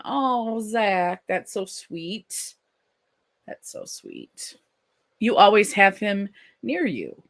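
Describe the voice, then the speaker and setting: Reading viewer comments out loud, this live-stream host chats casually at a medium pitch. Replies come across as gentle and encouraging, though they're peppered with ums and false starts.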